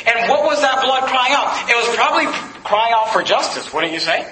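High-voiced emphatic preacher, echoey room. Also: male voice, big pitch swings, brisk, bright, forceful tone. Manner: emphatic, repeats phrases, directs listeners to verses. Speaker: pastor. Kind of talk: sermon.

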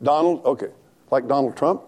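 A man preaching an animated, folksy sermon in church, talking back and forth with the congregation and laughing along. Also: mid-range voice, a little fast, a crowd in the background. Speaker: pastor.

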